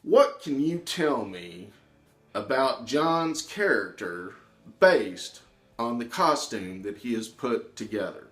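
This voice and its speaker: A man's voice: medium pitch, big pitch swings, takes it slowly, a bit bright, faint music behind. A man voicing an older male Texan drama professor with a laconic, mean drawl that flares into scolding. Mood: drawling, cold. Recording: echoey room.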